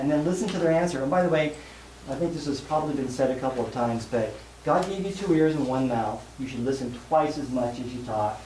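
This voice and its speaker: A man with a medium-pitched, slightly mellow voice speaks fairly quickly and with lively intonation at a live sales seminar. Facing a conference hall audience, he tells folksy stories at his own expense, sprinkled with jokes. The sound is echoey, with faint room noise in the background.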